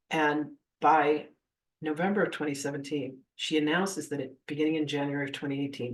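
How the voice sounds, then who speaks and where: Woman, 50s, spiritual teacher giving a class, animated storyteller who voices her quotes, recorded from a distance. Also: sits low. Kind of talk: live masterclass storytelling.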